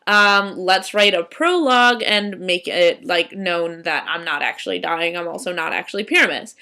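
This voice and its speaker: A woman's voice: fairly low pitch, moderate pace, sharp tone. A young woman chatting casually in a video journal about a student theater trip, rambling with many ums and restarts.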